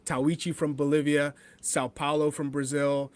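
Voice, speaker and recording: A man from New Hampshire who is a former pro soccer forward, talking as a podcast guest in a casual, animated way and quoting himself as he tells stories. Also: on the high side, moderate pace, clean tone. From New Hampshire, USA. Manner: animated storyteller, laughs often, quotes himself. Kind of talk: casual podcast chat, storytelling.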